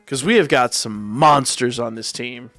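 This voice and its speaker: A man's voice: medium pitch, a little slow, fairly bright tone, dry recording, soft background music. A man hosting a livestream, telling a story in a wry, profane, casual way. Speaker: livestream host.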